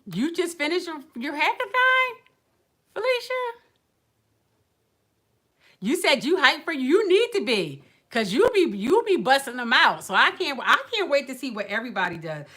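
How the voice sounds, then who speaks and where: A woman from the northern US hosting a casual sewing livestream, chatting in a rambling, animated way and calling her viewers y'all and child. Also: high-pitched, moderate pace. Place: home sewing room.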